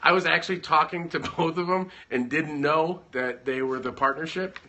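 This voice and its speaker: A man with a somewhat high voice talks at normal speed over background noise. He casually dispenses business advice on a home livestream, joking, rambling, and breaking off mid-thought.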